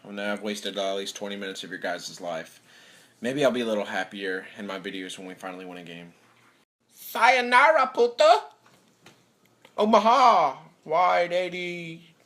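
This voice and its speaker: A young man giving a profane, animated rant as a sports fan vlogger, mimicking players in between. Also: deep voice, quick pace. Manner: animated, swearing, mimics players in quoted voices.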